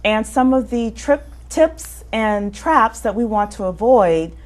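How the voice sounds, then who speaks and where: A woman's voice: on the high side, lively intonation, slow pace. A woman hosting an interview show, opening with a scripted welcome and then prompting her guest with questions and frequent mm-hmms. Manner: scripted intro, frequent mm-hmm backchannels. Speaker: show host.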